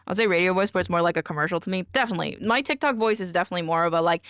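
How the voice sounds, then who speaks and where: A woman's voice: lowish voice, racing, fairly bright tone, clear, resonant tone, no echo, studio quality. A woman streamer in casual live-stream chat, goofy and teasing as she talks at her desk microphone.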